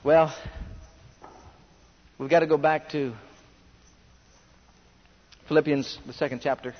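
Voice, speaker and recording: Fervent high-voiced preacher in a reverberant hall. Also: male voice, fairly even intonation, takes it slowly. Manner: fervent, rising to emphatic bursts, reads scripture aloud. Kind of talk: sermon. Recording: long hall reverb, dull lo-fi sound.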